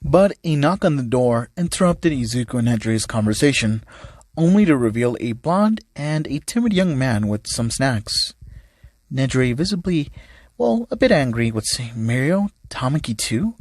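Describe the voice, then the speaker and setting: A man's voice: medium pitch, big pitch swings, normal speed, darkish tone, no echo, studio quality. A man narrating a fan-made comic dub in a plain storytelling manner. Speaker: narrator and voice actor.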